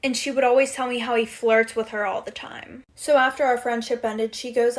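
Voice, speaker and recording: A woman's voice: on the high side, level tone, brisk, few pauses. A young woman casually recounting a falling-out with a friend, chatty and quoting what people said. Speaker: storyteller. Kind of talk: casual storytime.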